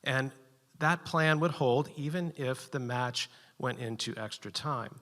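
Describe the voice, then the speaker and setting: A man telling a personal story live at a story slam, animated and building suspense with short, punchy sentences. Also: mid-range voice, a little slow, big-room sound.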